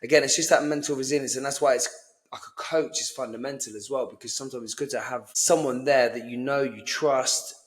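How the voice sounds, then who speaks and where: A man's voice: medium pitch, steady tone, fairly quick. Blunt man coaching boxers. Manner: blunt, swears, mimics voices in quotes. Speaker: boxing coach and podcast host. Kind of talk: casual motivational chat.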